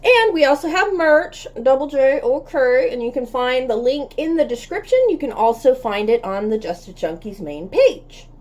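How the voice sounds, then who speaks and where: A woman's voice: high-pitched, sing-song, moderate pace, few pauses, a little mellow. A woman hosting a reaction channel, chatting casually and affectionately with her viewers in a bubbly, talkative way. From United States.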